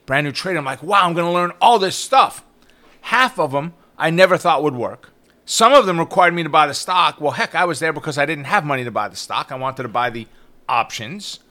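A middle-aged man hosting a trading podcast, teaching in an energetic monologue full of rhetorical questions and tag questions. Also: on the high side. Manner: animated, rhetorical questions, frequent "right?". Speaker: trading coach podcast host.

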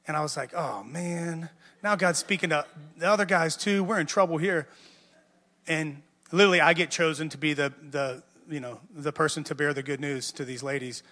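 A man's voice: a little high, moderate pace, pushed and bright. A man, a pastor, telling a personal story in a conversational sermon, self-mocking and repeating words as he builds up. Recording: music under a long hall echo.

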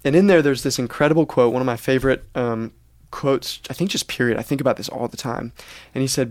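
Male podcast co-host, earnest explainer, mid-pitched, dead-dry booth sound. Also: fast talker, no echo. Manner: earnest, explanatory, acts out quoted reactions. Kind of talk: reflective faith podcast talk.

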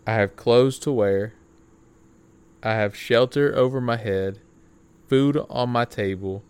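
A man's voice: mid-range voice, takes it slowly, a little mellow, clear, resonant tone. A young man hosting his own podcast from his back porch, chatting casually in a rambling, friendly way, full of fillers and self-corrections. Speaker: podcast host. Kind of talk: casual solo podcast talk.

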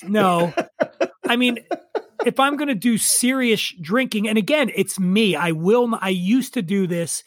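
A man's voice: sits high, lively intonation, moderate pace, fairly bright tone, no echo. A middle-aged man telling stories in casual chat, profane and opinionated. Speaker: podcast guest.

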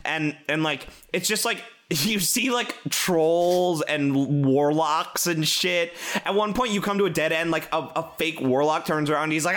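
Bright, high-voiced excitable man. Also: unhurried, few pauses. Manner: rambling, excitable storytelling with frequent swearing and laughter. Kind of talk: casual chat.

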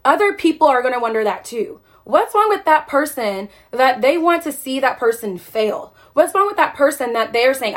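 A woman's voice: sits high, expressive, moderate pace, few pauses. A woman network marketer speaking live to her followers on a phone, passionate and emphatic, asking one rhetorical question after another. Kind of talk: emotional livestream rant.

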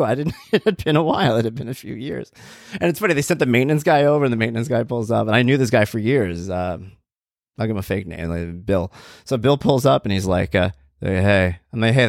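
A man casually telling a personal story in an animated way, acting out what people said. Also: on the low side, no echo, studio quality. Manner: animated, acts out quoted exchanges; conversational with fillers and swearing.

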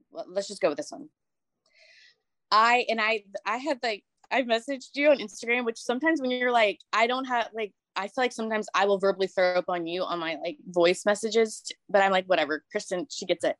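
A woman's voice: fairly high pitch, moderate pace, a bit bright, no room sound. A woman in casual chat, telling a personal story in a rambling, emotional way with many restarts. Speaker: guest sharing a story.

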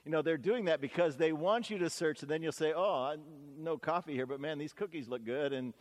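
A man's voice: a little high, fairly quick, long reverb tail. A man preaching a sermon as pastor, talking in a conversational, folksy way with stories and asides.

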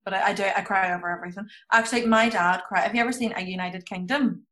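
A woman's voice: mid-range voice, fairly even intonation, fast, a bit bright. Chatty woman telling stories. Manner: chatty storyteller, laughs easily. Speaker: podcast guest. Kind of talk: casual chat.

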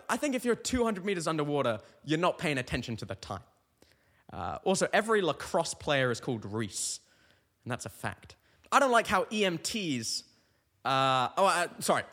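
Young comedian guy rambling through bits, kinda high voice, deadpan, keeps losing his thread. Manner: deadpan, meandering, trails off and restarts mid-thought. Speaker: stand-up comedian, podcast host. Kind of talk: rambling comic monologue.

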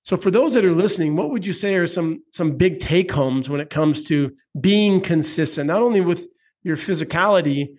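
American male coach-host, casual and profane, fairly high voice. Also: normal speed. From United States. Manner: loose, profane, animated storytelling. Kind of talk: casual interview chat.

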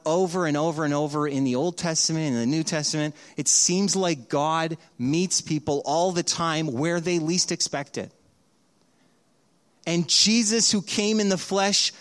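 Animated storytelling male pastor. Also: on the high side. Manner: animated storytelling, acts out voices in quotes. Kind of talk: sermon.

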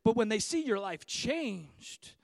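A man in his thirties preaching a sermon, swinging between loud, fiery declarations and hushed, quiet stretches. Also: high-pitched, big pitch swings, slow pace, gravelly, no echo. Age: 30s. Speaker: pastor.

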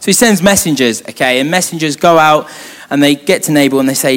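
A man's voice: on the high side, fairly quick, a bit bright. A young man, a youth leader, telling a Bible story in a chatty way with joking asides. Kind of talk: casual Bible storytelling talk. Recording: long hall reverb.

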